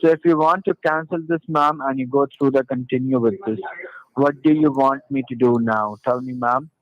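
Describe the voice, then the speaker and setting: A man's voice: medium pitch, fairly even intonation, normal speed. Formulaic male phone agent, lo-fi line. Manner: formulaic, repeats "ma'am". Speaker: scam call-center agent. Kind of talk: phone call.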